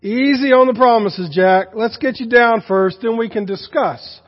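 Man doing a calm, wry voice of God, high-pitched, long church echo, muffled sound. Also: moderate pace. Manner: calm, dryly amused. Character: calm, wry male God speaking from above.

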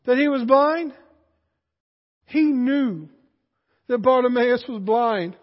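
A male preacher with a very high voice delivers a lively sermon, swinging from shouts to quiet asides. The sound is dull and rings with a long hall echo. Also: takes it slowly. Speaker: pastor.

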